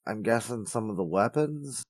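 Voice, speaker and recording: A man's voice: on the low side, lively intonation, normal speed, slightly rough, no echo. A man co-hosting a podcast, chatting casually in a laid-back way with short replies and some swearing. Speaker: podcast co-host. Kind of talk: casual chat.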